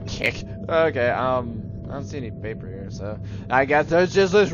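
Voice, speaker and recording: A man's voice: mid-range voice, expressive, normal speed, hardly any pauses, lo-fi sound. A young man giving rambling, jokey commentary while playing a horror game, slipping into playful silly voices. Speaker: gaming YouTuber. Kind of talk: casual let's-play commentary. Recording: music playing underneath.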